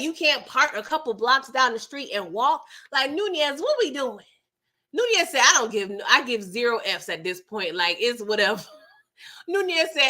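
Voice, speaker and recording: A woman giving a casual, slangy, expressive recap of a TV episode as the channel's host. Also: high voice. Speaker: TV recap vlogger.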